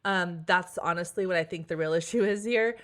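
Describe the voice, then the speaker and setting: A woman in her forties hosting a solo podcast, slightly hoarse from losing her voice, talking in a chatty, candid way with frequent ums, on a backup podcast microphone. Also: fairly low pitch, a little fast, a bit bright. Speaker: podcast host and photography marketing coach. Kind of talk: casual solo podcast talk.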